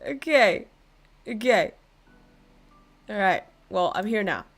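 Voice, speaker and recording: Taking it slowly in a medium-pitched voice, this woman livestreamer chats casually with viewers, though she's excitable, laughs a lot and swears freely.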